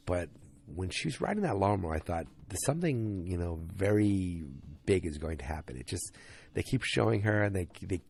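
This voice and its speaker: A man with a low, husky voice talks through a television episode in a loose, rambling recap, often restarting his sentences. He sounds tired and yawns now and then. Soft music plays faintly underneath. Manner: rambling, full of restarts and "you know". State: tired, yawning. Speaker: podcast host.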